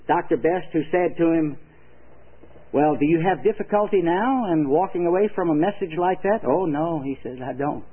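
An older male preacher with a high voice gives an earnest, emphatic evangelistic sermon and tells stories as he goes. The sound is thin and phone-like, like an old radio broadcast.

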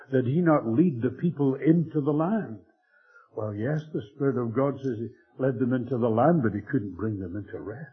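A man preaching a Bible-teaching sermon in a measured, emphatic way, often clearing his throat. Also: mid-range voice. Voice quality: husky. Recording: old tinny phone-like tape with faint music.

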